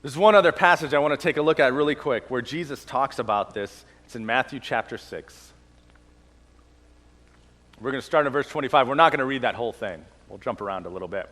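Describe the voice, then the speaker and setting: Man preaching with a cold, lively pitch. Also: big-room sound. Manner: lively preaching, slowing to stress key lines. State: has a cold. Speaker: pastor. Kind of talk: sermon.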